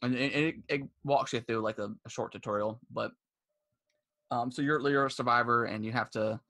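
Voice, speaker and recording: Man, podcast co-host, casual and rambling, mid-pitched voice. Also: steady tone, moderate pace, bright, forceful tone. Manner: rambling, many restarts and fillers; laughs while retelling stories. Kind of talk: casual chat.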